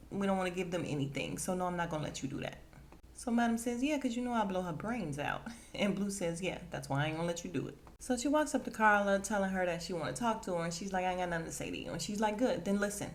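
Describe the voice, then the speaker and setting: A woman hosting a podcast, casually recapping a TV episode and acting out the characters' lines with lively, expressive delivery. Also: fairly low pitch. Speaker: podcast host.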